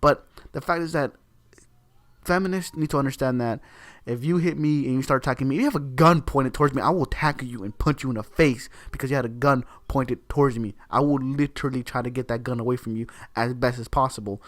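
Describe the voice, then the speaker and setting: A man's voice: medium pitch, fast, dry recording. Heated ranting man, dry close sound. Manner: heated, repetitive, swears often, leans on "literally". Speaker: video creator. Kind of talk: opinion rant to camera.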